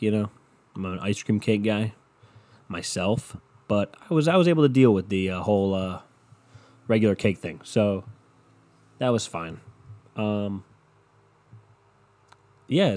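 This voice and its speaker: A man's voice: lowish voice, darkish tone. A man hosting a casual solo podcast, rambling and swearing, with a runny nose. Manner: rambling, profane, self-deprecating. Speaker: podcast host. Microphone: podcast microphone.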